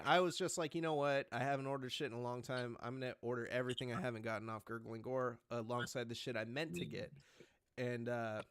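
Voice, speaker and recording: A man's voice: medium pitch, fairly bright tone, no room sound. A young man co-hosting a casual chat, rambling, swearing and laughing often. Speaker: podcast co-host.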